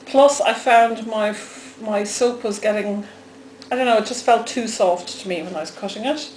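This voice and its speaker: A woman's voice: mid-range voice, moderate pace, a little mellow, roomy sound, a little hiss or hum, rough recording. A woman with a Dublin Irish accent hosting a soap-making video, chatting casually and teasing as she cuts soap. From Ireland. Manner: chatty, teasing, self-mocking. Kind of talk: casual chat while cutting soap.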